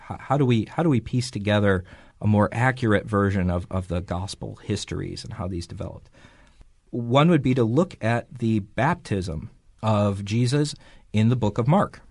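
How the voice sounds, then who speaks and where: A man hosting a podcast, giving measured, lecture-like explanations. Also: fairly low pitch, a little mellow, no room sound. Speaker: podcast host.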